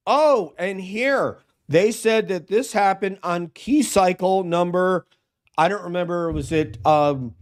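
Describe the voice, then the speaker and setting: High-voiced man arguing a crime case. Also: slow. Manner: emphatic, argumentative. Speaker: guest co-host. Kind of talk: live true-crime discussion.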